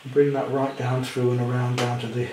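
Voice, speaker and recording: A man demonstrating a painting at home, chatty with gentle self-deprecating humour. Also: mid-range voice, monotone, fairly quick, echoey room, a little hiss or hum, low-quality recording. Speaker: art teacher. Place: indoor studio at home.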